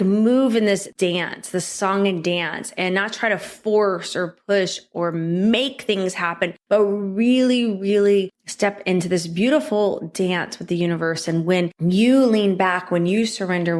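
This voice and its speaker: Woman, podcast host, earnest, affirming, motivational solo talk. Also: medium pitch. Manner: earnest, affirming, repetitive spiritual encouragement.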